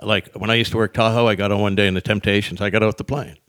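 A man's voice: lowish voice, very fast, no room sound, clean studio sound. An older man, a comedian guest, telling stories in casual chat and acting out quotes with a raised voice. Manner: animated storyteller, acts out quotes in raised voices.

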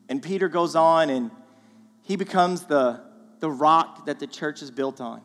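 A man giving a guest sermon in a church, animated and conversational with playful asides. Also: high-pitched, normal speed. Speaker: guest speaker. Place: church sanctuary. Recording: long church hall reverb, faint music.

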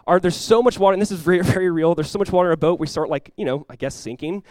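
Fast, high-voiced man preaching. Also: no echo. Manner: animated storytelling with laughs. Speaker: pastor. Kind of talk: sermon with a personal story.

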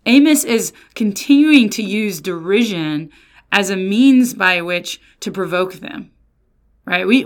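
A woman pastor giving a casual Bible lesson, lively and often slipping into sarcastic quoted voices. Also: mid-range voice. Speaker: pastor and resident theologian.

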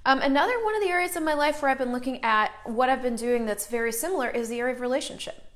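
A woman's voice: high-pitched, very fast. A woman hosting a casual live online show, talking animatedly to viewers, greeting them by name as she goes and swearing now and then for emphasis. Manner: chatty and animated, greets viewers mid-sentence.

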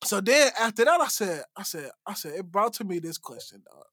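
Animated man retelling a show, dry sound. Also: high-pitched, a little fast, no echo. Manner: animated storyteller acting out quotes. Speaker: podcast co-host. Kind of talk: casual chat.

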